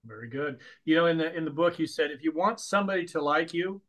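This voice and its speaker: A man's voice: on the high side, fast, a bit bright, rough recording. A man hosting an interview, asking short questions between brief agreeing replies. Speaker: interview host. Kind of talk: casual interview.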